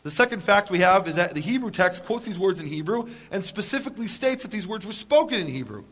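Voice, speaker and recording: Man, lecturer, high voice, emphatic, rhetorical questions, dry humor. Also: animated, quick pace, fairly bright tone. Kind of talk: lecture to a live audience.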